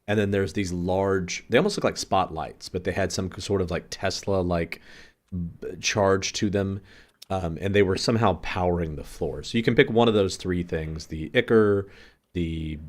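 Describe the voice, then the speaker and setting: Deep-voiced man running a tabletop game. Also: steady tone, normal speed. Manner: casual, filler-heavy, laughs often. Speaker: game master.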